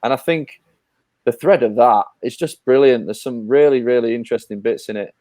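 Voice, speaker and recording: A man's voice: mid-range voice, fairly quick, no echo. Dry-sounding man retelling film scenes. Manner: animated storyteller, laughs while retelling scenes. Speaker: podcast host. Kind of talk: casual chat.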